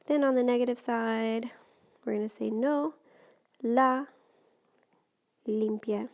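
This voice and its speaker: A woman teacher walks through Spanish grammar in a recorded lesson, patient and methodical. Her voice sits a little high and often drops into a gravelly fry. She sounds close to the microphone. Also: steady tone, slow, darkish tone. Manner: patient, step-by-step explaining.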